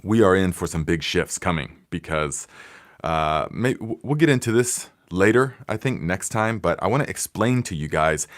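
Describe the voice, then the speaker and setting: Deep-voiced man rambling on a live stream. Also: expressive, moderate pace. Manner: rambling, loose, with many fillers and restarts. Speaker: livestream host. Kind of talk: casual live Q&A chat. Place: home in Fort Wayne, Indiana. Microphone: phone.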